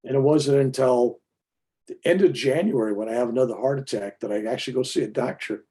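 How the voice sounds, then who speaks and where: A man's voice: mid-range voice, a little fast. A man in his fifties telling a personal story to an audience over a video call, acting out the dialogue as he goes. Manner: animated storyteller, acts out dialogue. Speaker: speaker.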